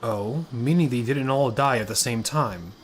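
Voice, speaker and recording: A man's voice: medium pitch, normal speed, slight background noise, natural voice. A man voicing a composed, courteous married woman investigator, reading game dialogue aloud over game music. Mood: calm. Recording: game music playing behind.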